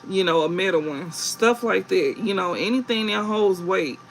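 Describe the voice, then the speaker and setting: A man's voice: high voice, normal speed, fairly bright tone, slight background noise, low-quality recording. A man giving a live tarot reading, blunt and profane, laughing often and repeating points for emphasis. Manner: emphatic repetition. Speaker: tarot reader.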